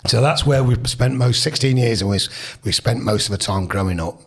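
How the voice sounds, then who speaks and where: Husky-voiced man in his sixties reminiscing. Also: medium pitch, brisk. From England. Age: 60s. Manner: rambling, chatty, with restarts and asides. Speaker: podcast guest. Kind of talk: casual storytelling.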